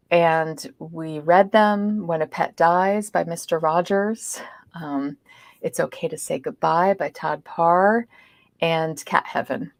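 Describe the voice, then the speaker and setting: Low gravelly woman guest, earnest storytelling, gets loud then drops to almost a whisper. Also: dry recording. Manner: earnest, swings between loud emphasis and hushed asides. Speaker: podcast guest. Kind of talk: personal storytelling.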